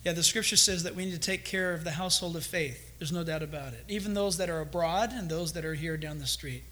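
A male pastor preaching a sermon, animated and acting out little quoted exchanges between churchgoers. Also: on the high side, fast talker.

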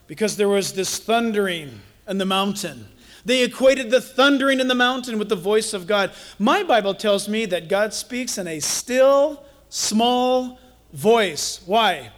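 A high-pitched man preaching a sermon in a conversational way. He moves between lively emphasis and soft, hushed points, with touches of wry humor. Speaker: pastor.

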